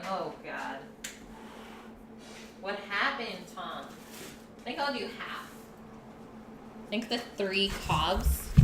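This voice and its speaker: A woman's voice: lowish voice, roomy sound, background noise. A woman hosting a live cooking stream, chatting casually with her viewers and her partner while she cooks. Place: home kitchen.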